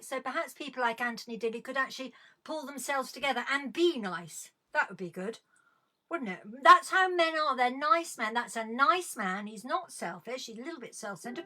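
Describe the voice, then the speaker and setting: A woman's voice: sits high, pushed and bright. A woman hosting a live late-night show, chatting theatrically and sarcastically while reading out viewer comments and eating chocolate. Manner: camp, sarcastic and theatrical, with swearing; chews chocolate while talking. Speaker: host of a late-night livestream.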